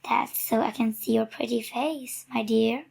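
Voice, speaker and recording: A thin, hungry, sly wolf from a storybook, read by a woman. He speaks slowly and slyly with a gravelly, husky rasp. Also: on the high side, fairly even intonation, a little mellow, full character voice.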